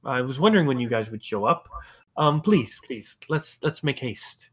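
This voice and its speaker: A man's voice: mid-range voice, animated, moderate pace, husky. A man voicing a polite, fretful human bishop who stammers courteously.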